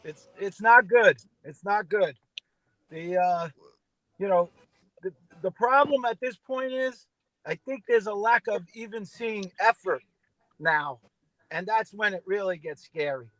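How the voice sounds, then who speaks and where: A man's voice: sits high, unhurried, fairly bright tone, dry recording, poor audio. A man from New York with a New York accent, calling in to a sports chat and talking in a hesitant, conversational way. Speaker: caller.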